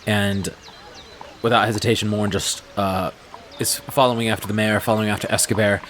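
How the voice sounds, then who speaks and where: A man narrating as game master in a relaxed way, with many fillers. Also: lowish voice, a little fast, a little hiss or hum.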